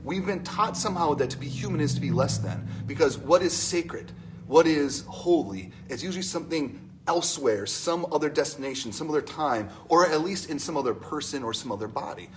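A man with a somewhat high voice preaches a relaxed, conversational sermon. He tells stories with animation and keeps checking in with the congregation. A faint ambient hum sits behind him. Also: a little fast. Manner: animated, storytelling, asks the congregation questions.

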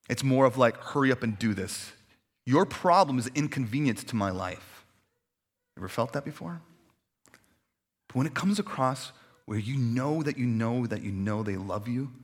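A man's voice: medium pitch, a bit bright. A man pastor preaching a sermon in a conversational way, stacking repeated phrases for emphasis and dropping in casual asides.

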